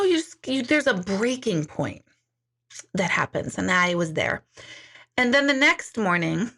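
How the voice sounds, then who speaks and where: A woman's voice: a little high, bright, forceful tone. A woman in her forties chatting candidly on a live stream, rambling with many fillers and jumping into exaggerated quoted voices. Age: 40s. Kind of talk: casual live-stream chat.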